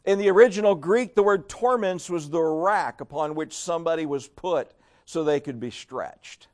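High-voiced preacher man, dramatic swings. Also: normal speed. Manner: dramatic, swinging between loud emphasis and hushed low tones. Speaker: pastor. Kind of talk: preached sermon.

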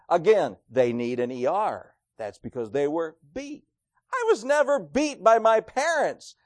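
A man preaching a sermon, animated and acting out quoted voices, swinging between loud and hushed. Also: high-pitched, dry recording, studio quality.

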